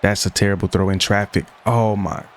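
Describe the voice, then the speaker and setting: A little hiss or hum runs under this recording of a gaming YouTuber, a young man whose low voice stays level and fairly quick. He plays while commenting casually in slang, often frustrated, essentially talking to himself.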